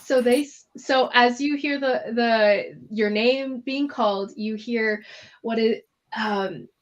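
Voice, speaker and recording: A woman running a tabletop game, narrating scenes in a loose, chatty manner. Her voice sits a little high. The audio is dull and lo-fi. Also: slow. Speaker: game master.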